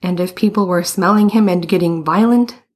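Woman audiobook narrator, lowish pitch, even storytelling. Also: normal speed. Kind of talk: scripted narration.

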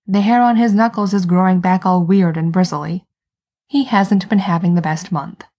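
Woman narrator, wry story reading, low husky voice. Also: steady tone, moderate pace, mellow. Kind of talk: fan fiction read aloud.

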